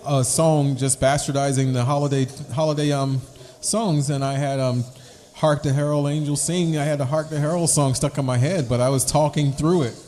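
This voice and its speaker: A man's voice: fairly high pitch, fairly even intonation, moderate pace, dark tone. A man co-hosting a casual podcast, rambling through his points and slipping into rhyming wordplay. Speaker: podcast co-host. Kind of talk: casual chat.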